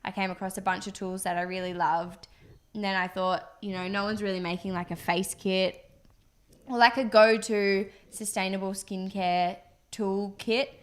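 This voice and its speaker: A woman's voice: mid-range voice, fairly even intonation, normal speed. Chatty young woman podcast co-host. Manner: chatty, rambling, frequent "like" and "um". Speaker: podcast co-host, business co-founder. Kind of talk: casual chat.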